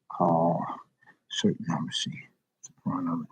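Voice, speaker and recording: Gravelly low-voiced man rambling on a livestream. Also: wildly swooping pitch, fairly quick, pauses often. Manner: rambling, emotional, confessional. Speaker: vlogger. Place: public library. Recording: dull lo-fi livestream audio.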